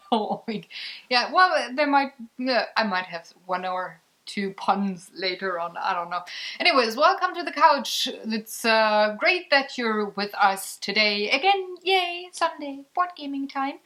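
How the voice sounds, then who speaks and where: A woman's voice: medium pitch, expressive, a little slow, sharp tone, low-quality recording. A young woman whose first language is German hosts a casual board game vlog with her husband, often giggling and cheerful. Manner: giggly, cheerful sign-offs. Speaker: vlog host.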